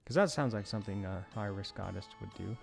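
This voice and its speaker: A man's voice: lowish voice, brisk, vocal fry, music in the background. A man giving casual commentary as he plays a farming game, rambling with self-amused asides. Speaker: let's play host.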